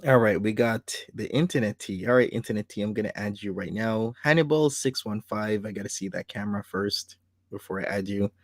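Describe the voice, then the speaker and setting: A man's voice: fairly low pitch, a little fast, no room sound, studio quality. A man hosting a casual livestream, reading out messages and commenting on them with sarcasm and laughter. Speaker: livestream host.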